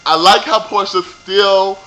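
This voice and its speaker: A man's voice: high-pitched, steady tone, a little slow, pushed and bright, low-quality recording. A young man ranting casually about a reality show reunion, sassy and profane. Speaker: vlogger reviewing a reality show. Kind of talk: casual rant.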